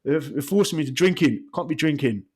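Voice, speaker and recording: A man's voice: fairly high pitch, animated, brisk, breathy edge, pitched above the performer's own voice. A man voicing a cocky London footballer-pundit figure who pads every sentence with "yeah?" and "bruv". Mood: flustered. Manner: repeats "yeah?" and "bruv" tags.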